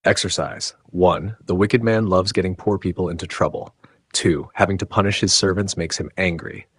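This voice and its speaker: A man's voice: sits low, fairly even intonation, moderate pace, fairly bright tone, breathy edge, no room sound. A man teaching an English exam lesson, reading out word lists and explanations and giving Urdu translations. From Pakistan. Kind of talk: exam-prep lesson narration.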